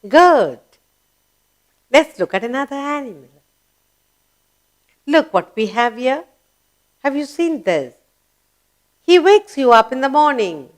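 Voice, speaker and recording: A woman with an Indian English accent teaches small children in a slow, sing-song lesson voice. Her pitch sits a little high, and she spells words out letter by letter. She keeps asking the class questions and then answers them herself. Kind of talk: kids' lesson narration.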